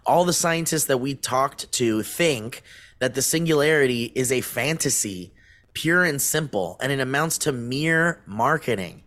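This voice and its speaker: Co-hosting a casual podcast, a man reads news aloud, then rambles off with lots of fillers and bursts into silly voices. His medium-pitched voice is a bit bright, with no room sound.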